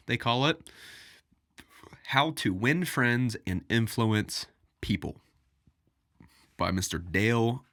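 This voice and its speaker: Casual low-voiced male podcast host. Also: a bit bright, no echo, studio quality. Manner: casual, rambling, addresses listeners directly. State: out of breath. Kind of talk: solo podcast monologue.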